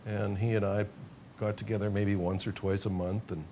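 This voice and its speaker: A man's voice: lowish voice, little pitch movement, moderate pace, warm tone, slight background noise. A man being interviewed as a musician guest, chatting casually in a rambling, self-deprecating way and laughing often.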